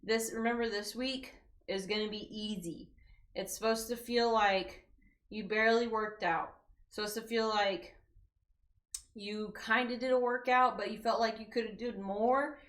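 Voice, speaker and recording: A woman's voice: fairly high pitch, steady tone, moderate pace, a bit bright, roomy sound. A woman leading a live workout class, counting reps and giving casual, encouraging form tips while out of breath. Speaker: fitness coach.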